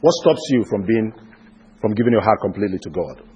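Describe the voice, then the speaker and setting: A man preaching a sermon, swinging from loud emphatic declarations to hushed, intimate appeals. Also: fairly low pitch, animated, brisk, slightly rough, muffled recording.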